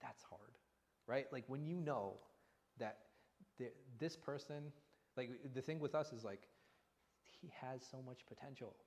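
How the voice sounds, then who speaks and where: A man's voice: medium pitch, measured pace, long pauses. A man leads a conversational religious lesson as an imam, often tossing rhetorical questions at his listeners. His voice sits in a middle register. It carries a long reverb, recorded in a mosque hall. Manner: animated, asks rhetorical questions. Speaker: imam teaching a class.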